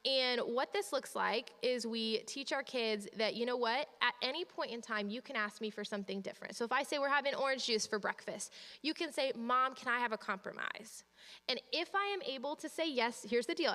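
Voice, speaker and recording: A woman with a bright, forceful, fairly high voice leads a training session for parents. She talks in a practical, reassuring way and acts out short exchanges between parent and child. The sound carries a long reverb from the church hall. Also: brisk.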